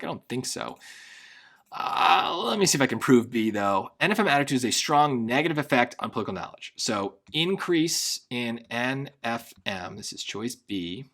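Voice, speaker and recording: A man tutoring for a test, reading passages quickly and then musing half to himself as he works through the answer choices. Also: medium pitch, pushed and bright. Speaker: SAT tutor. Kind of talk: thinking aloud while solving test questions.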